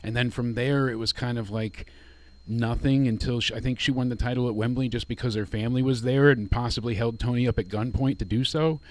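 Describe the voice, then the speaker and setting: A man's voice: mid-range voice, fairly even intonation, fairly quick. A man co-hosting a casual wrestling review with a slightly froggy voice, rambling and repeating words as he talks. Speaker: podcast co-host.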